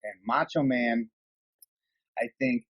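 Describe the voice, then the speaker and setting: A man co-hosting a podcast, chatting casually, rambling excitedly and swearing often. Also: mid-range voice, slow, low-quality recording. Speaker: podcast co-host. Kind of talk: casual chat.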